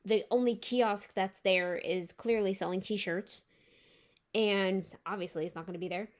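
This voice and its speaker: A woman's voice: mid-range voice, fairly even intonation, unhurried. A young woman vlogger telling a story in a casual rant, exasperated, swearing and filling her talk with "like". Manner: exasperated, swears and says "like" often.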